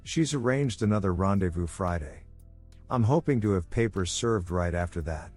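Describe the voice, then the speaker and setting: A man narrating an online story aloud at a steady reading pace. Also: low voice, moderate pace, faint music behind.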